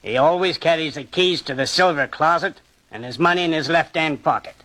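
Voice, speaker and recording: A terse pickpocket in a 1940s radio drama. He explains his trade flatly and briefly. His voice is high and bright. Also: a little fast, poor audio. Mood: matter-of-fact. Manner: curt and matter-of-fact. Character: cool, terse male pickpocket.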